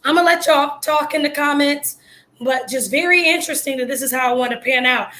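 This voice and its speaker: A woman hosting her own video channel, reacting to news in blunt, excitable, slangy casual commentary while losing her voice. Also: sits high, a little fast.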